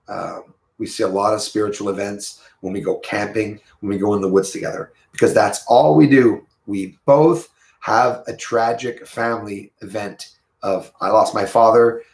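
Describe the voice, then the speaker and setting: A man's voice: fairly low pitch, steady tone, moderate pace, reverberant. A man with a Quebec accent hosts a casual livestream, rambling and greeting viewers by name as he reads their comments. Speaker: livestream host.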